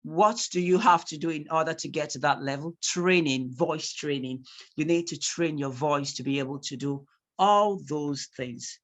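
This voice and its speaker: A speaking tutor with a Nigerian accent runs a live online class in a mid-range voice at a moderate pace. She reads replies aloud from the chat and repeats key points for emphasis.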